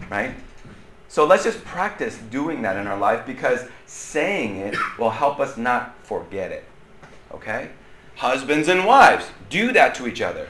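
Teaching Sunday school, this pastor swings his medium-pitched voice widely, keeping a measured pace and a fairly bright tone as he jokes and laughs a lot. The effort leaves him sweating and loud. There's faint ambience, some echo, and a light hiss or hum on the recording.

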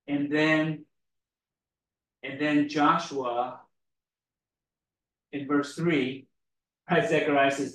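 Slow, chatty male preacher in an echoey hall. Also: on the high side, level tone, a bit bright. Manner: chatty, laughs often, keeps asking "right?". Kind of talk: conversational sermon. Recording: echoey room, mic far off.

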